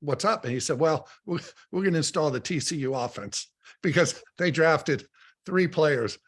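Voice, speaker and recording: A middle-aged football analyst on the radio, this man shares stories in laid-back sports chat, animated and often repeating words as a thought gets going. His voice sits on the high side, slightly rough, at normal speed.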